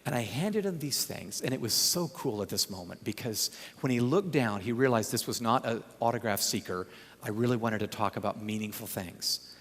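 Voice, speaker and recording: A man of ordinary pitch tells a story to a conference crowd with lively, humorous delivery. His voice carries a long reverb from a large hall, and he sounds like he is on a stage. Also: moderate pace, husky. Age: young adult. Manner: animated, humorous storytelling with laughs. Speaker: conference speaker. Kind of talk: storytelling talk.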